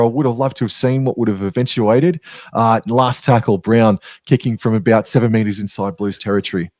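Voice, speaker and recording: A man's voice: on the low side, fairly even intonation, a little fast, darkish tone, no room sound. A man with an Australian accent co-commentating a live match in a casual, chatty way full of slang. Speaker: sports co-commentator.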